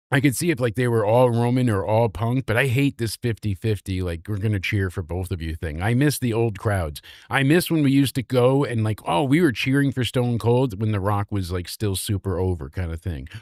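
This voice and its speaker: A man recapping a wrestling show in a casual, animated, sarcastic way, swearing freely. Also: medium pitch, no room sound, clean studio sound.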